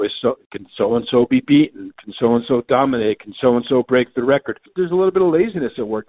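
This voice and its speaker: Guy phoning in, sounds like a phone line, keeps saying you know. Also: medium pitch. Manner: rambling, lots of you-knows and restarts. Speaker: tennis journalist guest. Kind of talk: phone interview.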